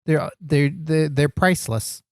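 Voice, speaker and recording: A man's voice: a little high, a little slow, a little mellow, no room sound, studio quality. A man co-hosting a comedy wrestling podcast, joking and rambling through his lines. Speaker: podcast co-host.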